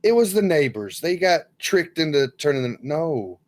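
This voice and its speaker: A man's voice: a little high, big pitch swings, moderate pace. Blunt, foul-mouthed man on a podcast. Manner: blunt, swears freely, acts out quoted bosses. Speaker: podcast co-host. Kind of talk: casual podcast chat.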